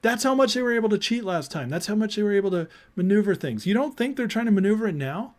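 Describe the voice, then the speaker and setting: A man hosting a political livestream, talking excitedly and reading out viewer chat, swinging from loud emphasis to quiet, emotional lines. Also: high-pitched, quick pace. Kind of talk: live-stream commentary reading chat.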